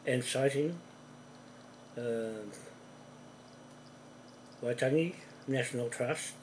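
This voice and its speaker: A man's voice: medium pitch, a little hiss or hum, low-quality recording. Angry New man ranting to camera. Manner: accusing, profane, calls people out by name; forceful, ramps up in volume when heated. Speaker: video ranter. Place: room at home.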